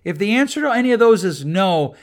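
Higher-voiced man hosting a chatty solo podcast. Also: big pitch swings, a little fast. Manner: conversational, repeats and restarts words, self-mocking dry humor. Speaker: podcast host.

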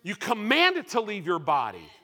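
A man preaching a sermon to a congregation, moving between loud, emphatic bursts and quiet, measured asides. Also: sits high, wildly swooping pitch.

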